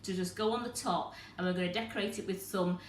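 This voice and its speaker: A woman's voice: on the low side, fairly even intonation, fast. A woman hosting a live cooking demonstration in a kitchen, chatting to viewers as she explains each step. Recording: echoey kitchen with faint noise.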